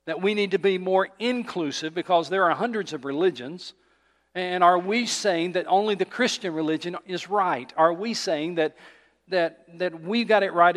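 Man preaching in a reverberant church. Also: high voice. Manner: conversational preaching with rhetorical questions. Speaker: pastor. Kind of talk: sermon. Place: church sanctuary.

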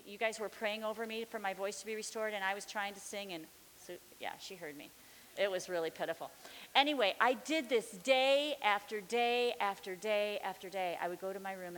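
A woman's voice: medium pitch, a bit bright. A middle-aged woman teaching the Bible, sharing a testimony with fervent, building declarations. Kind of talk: testimony during a sermon. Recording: long reverb with faint hiss.

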